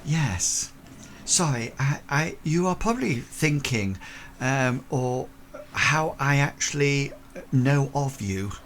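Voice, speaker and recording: A man voicing a polite, worried young Victorian lady who speaks in halting phrases. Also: medium pitch, lively intonation, fairly bright tone, a little hiss or hum, voice pushed up.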